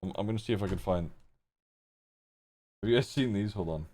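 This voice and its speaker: A young man livestreams his reactions to videos, chatting casually, laughing, swearing and thinking aloud. His lowish voice moves briskly, with no room sound.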